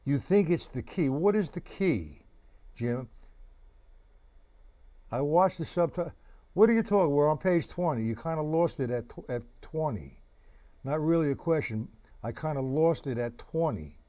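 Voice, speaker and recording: A man teaching a drum lesson on a live stream, loudly calling out strokes and counts and talking casually to a student in between. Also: on the high side, animated, moderate pace, long pauses.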